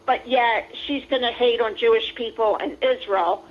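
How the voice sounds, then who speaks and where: A woman's voice: a little high, moderate pace, dull audio. A woman calling into a livestream, ranting indignantly and repeating herself. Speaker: call-in guest. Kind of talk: heated ranting on a stream call.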